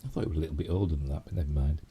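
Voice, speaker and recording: A middle-aged Yorkshire man hosting a casual live stream from a desk mic at home, his low, warm voice a touch hoarse. He rambles along with plenty of fillers and quick asides. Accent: Yorkshire English. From Yorkshire, England. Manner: rambling, chatty, with many fillers and self-asides. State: slightly hoarse. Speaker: channel host.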